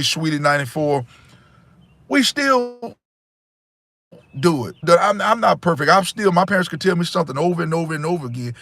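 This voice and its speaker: A man's voice: a little high, vocal fry, fairly bright tone. A man hosting a casual livestream, talking bluntly and repeating himself as he lectures his viewers. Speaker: livestream host.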